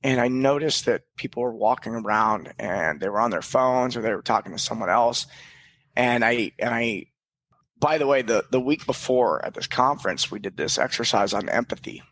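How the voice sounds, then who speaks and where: A man's voice: mid-range voice, normal speed, a bit bright. A man guest on a podcast, telling a candid personal story in an earnest, reflective way, with casual swearing and frequent restarts.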